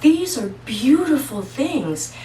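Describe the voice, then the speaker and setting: A woman speaking slowly and earnestly, leaning hard on key words as she tells her stories. Her voice sits a little high and comes from some way off the mic, with a roomy echo around it and a faint hiss underneath. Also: big pitch swings, warm tone, distant mic. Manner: slow, emphatic and earnest. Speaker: holistic practitioner and intuitive. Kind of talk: casual storytelling monologue. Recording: echoey room, voice away from mic.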